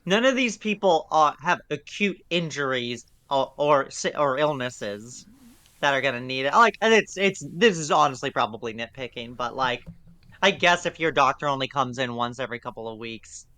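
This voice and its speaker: Young male co-host, exasperated and snarky, bright tone, dry close mic. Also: mid-range voice, expressive, moderate pace, dry recording. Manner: sarcastic, exasperated, swears. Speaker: podcast co-host. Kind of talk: casual chat reviewing an audio drama.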